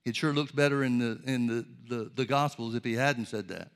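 A man preaching a sermon, teaching in an earnest, measured way and asking rhetorical questions. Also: mid-range voice, fairly even intonation.

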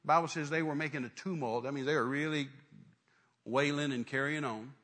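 A man preaching a sermon, retelling a story dramatically with acted-out voices and sudden loud rises. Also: a little high, fairly even intonation, brisk.

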